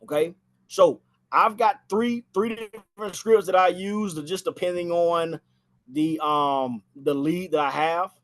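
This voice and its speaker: A man's voice: high voice, a little slow, a bit bright. A man giving a casual spoken training on phone sales, talking from inside a house and repeating phrases for emphasis.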